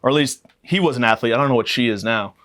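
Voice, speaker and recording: A young man hosts a podcast, ranting for laughs with profanity and mock aggression. He rambles from one jab to the next at a middling pitch. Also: fast, a bit bright. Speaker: podcast host. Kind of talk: comedic rant monologue.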